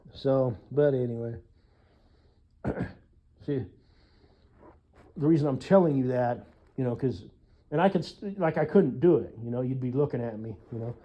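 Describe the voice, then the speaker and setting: A man's voice: medium pitch, normal speed, long pauses, highs cut off. A man telling a long rambling story to the camera in a casual, profane monologue, laughing at his own jokes. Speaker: vlogger.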